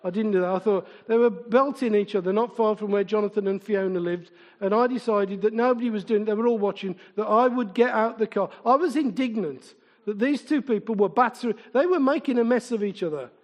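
High-voiced preacher in an echoing hall. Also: male voice, fairly quick, lo-fi sound. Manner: informal and chatty, asks the congregation repeated questions, tells humorous anecdotes. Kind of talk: conversational sermon. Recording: long reverb in a large hall.

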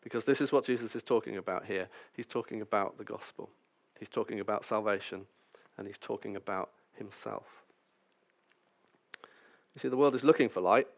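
A man's voice: fairly low pitch, moderate pace, gravelly. A man preaching a sermon, reading scripture passages and then explaining them with wry, self-deprecating asides.

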